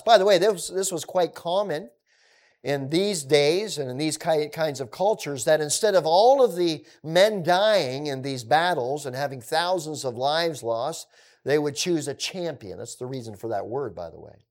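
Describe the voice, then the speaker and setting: A man teaching through a scripture passage in a conversational way, with relaxed asides. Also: a little high, measured pace.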